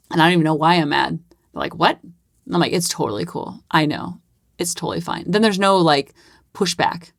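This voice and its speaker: Chatty mom podcaster in her 30s, lowish voice, super dry mic. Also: dry recording. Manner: chatty, upbeat, acts out kids' voices. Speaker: parenting podcast host. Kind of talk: casual solo podcast talk.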